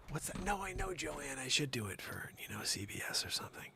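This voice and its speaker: A man's voice: mid-range voice, big pitch swings, brisk, vocal fry, hardly any pauses, sharp tone, slight background noise. A man hosting a comedy news livestream, ranting and sarcastic, with swearing asides.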